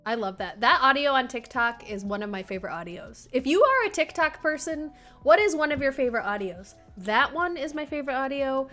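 A woman's voice: high voice, lively intonation, brisk, few pauses, pushed and bright. A young woman hosting a casual livestream as community manager, chatting with viewers and cooing at her dog. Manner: chatty, talks baby-talk to her dog. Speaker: live streaming and community manager. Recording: faint music behind.

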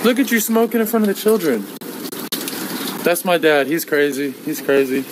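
A man live-streaming on a city street into a handheld phone, loud, goofy and taunting, repeating his phrases over and over. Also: on the high side, lively intonation, moderate pace, noisy background. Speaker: IRL streamer. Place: outdoors on a city street and at a hotel door.

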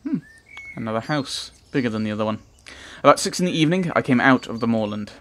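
A man's voice: mid-range voice, expressive, quick pace, a bit bright. A man hosting a let's play, reading game narration aloud with playful, chatty asides.

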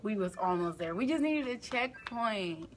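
A woman's voice: mid-range voice, lively intonation, normal speed, slight background noise. A woman playing a video game with a partner, bantering in casual chat and trading teasing comebacks with frequent laughter. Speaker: gameplay co-host.

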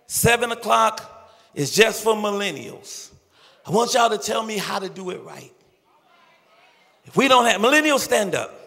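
An older male pastor preaching an impassioned, pleading sermon with rhythmic repeated phrases and shouted peaks, recorded in a large church sanctuary. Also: sits high, creaky. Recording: echoey church hall with long reverb.

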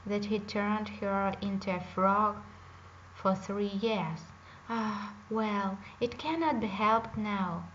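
A woman reading the lines of a kindly little old man in a fairy tale, on a dull lo-fi recording. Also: a little high. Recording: dull lo-fi recording with faint hiss.

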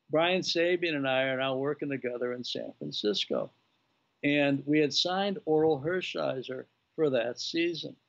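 A man in his sixties telling an animated story on a remote interview, acting out the dialogue of the people in it. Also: mid-range voice, vocal fry. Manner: animated anecdote-teller, acting out quoted dialogue. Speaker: guest, former baseball executive. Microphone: video call. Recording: lo-fi video call audio.

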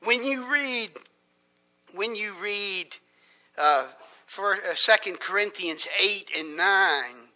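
A man preaching a sermon, with dramatic swings from emphatic lines to hushed whispers and slow, deliberate emphasis on key words. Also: high voice, expressive.

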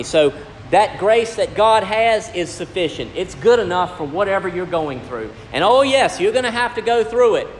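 A man preaches a sermon in a church hall, his voice sitting a bit high. He swings between raised, ringing lines and quiet, hushed ones. Long reverb trails every phrase over a faint room hum. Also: animated, moderate pace. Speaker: pastor.

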